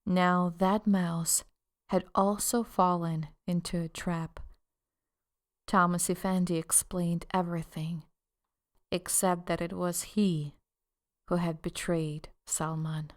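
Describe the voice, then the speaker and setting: A woman reads an audiobook in a measured, deliberate manner. Her voice sits on the low side. She takes her time over every phrase. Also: little pitch movement. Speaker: audiobook narrator. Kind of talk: scripted narration.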